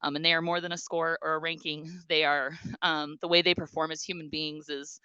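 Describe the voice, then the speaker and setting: A woman in her forties speaks to a school board in a low, clear, bright voice. She is talkative and heartfelt, with frequent ums and small restarts. The sound is dry and close. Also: level tone, a little fast, no echo, muffled recording. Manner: talkative, warm-hearted, emotional, with many ums. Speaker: teacher and union president. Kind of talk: speech at a school board meeting.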